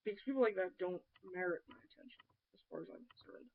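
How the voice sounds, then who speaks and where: A woman's voice: lowish voice, fast talker, narrow, tinny audio. A woman vlogger giving a blunt, sarcastic, profane rant straight to camera. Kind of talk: ranting vlog monologue.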